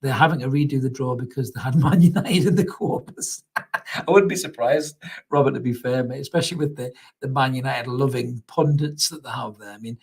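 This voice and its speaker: Husky-voiced football fan. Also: male voice, medium pitch, a little fast, a little mellow. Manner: chatty, laughs often, swears casually. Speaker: fan channel host. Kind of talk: live match reaction, reading chat comments.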